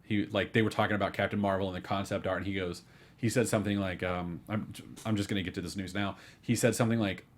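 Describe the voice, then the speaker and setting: Low-voiced man chatting casually on a panel. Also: fairly even intonation. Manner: chatty, talks fast through speculation with many fillers and restarts. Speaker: panelist on a movie news show. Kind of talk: casual chat.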